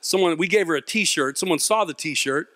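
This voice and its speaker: A youth mentor and speaker with a fairly high voice tells a funny story on stage before a live audience, animated and poking fun at himself while acting out the voices of the characters. He speaks at a moderate pace, and the sound is dry and close with no echo.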